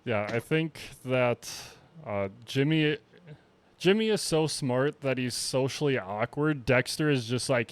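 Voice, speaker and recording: A man's voice: mid-range voice, expressive, measured pace, smooth, no room sound. A man co-hosting a casual podcast, rambling loosely and laughing a lot. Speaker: podcast co-host. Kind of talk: casual chat.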